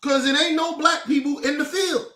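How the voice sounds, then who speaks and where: A man with a strikingly high voice rants angrily to the camera, profane and confrontational, tripping over and repeating his own words. The sound bounces around an echoey room. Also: steady tone, normal speed, pushed and bright. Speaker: commentator. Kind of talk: angry profane rant to camera.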